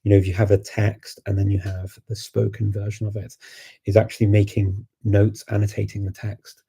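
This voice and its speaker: A man's voice: on the low side, completely flat delivery, moderate pace, creaky, mellow, breathy edge. A man with a Scouse accent, from Liverpool, chatting casually about learning languages, rambling with many fillers and restarts. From Liverpool, England. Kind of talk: casual livestream Q&A.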